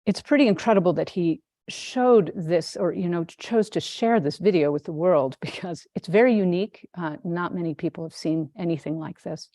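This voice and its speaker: A woman with a fairly low voice delivers a dharma talk as a Zen teacher. She tells her story at an unhurried pace with gentle amusement. The sound is dry and close, with no room echo.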